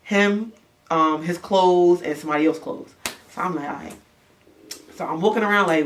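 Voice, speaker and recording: A young woman from New York, casually telling a story, animated and swearing, acting out the voices. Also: fairly low pitch, normal speed. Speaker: rapper. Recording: distant mic, background noise.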